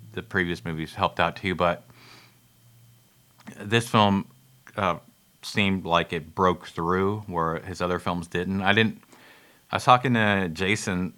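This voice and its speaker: A man's voice: low voice, steady tone, takes it slowly, pauses often, sharp tone, smooth. A man hosting a podcast, chatting casually about movies with many fillers and restarts. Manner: rambling, lots of fillers and restarts; chuckles now and then. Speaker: podcast host. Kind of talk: casual movie review chat.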